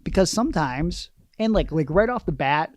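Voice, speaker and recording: A man's voice: fairly high pitch, expressive, normal speed. A man co-hosting a podcast, telling rambling, self-mocking stories in casual chat. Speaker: podcast co-host.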